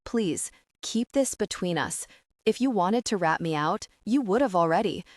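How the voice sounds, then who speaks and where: A woman's voice: mid-range voice, expressive, moderate pace, dry recording, studio quality, lightly acted. A woman voicing a remorseful young man who begs desperately, in an audiobook reading. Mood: pleading.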